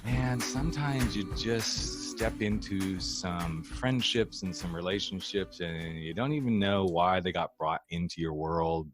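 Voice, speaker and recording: A man's voice: low voice, no room sound, studio quality. A man hosting a podcast, with punchy, upbeat slogans and a friendly, chatty manner with guests. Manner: upbeat, emphatic, rhythmic slogans. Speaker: podcast host. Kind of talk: hyped intro, then casual interview.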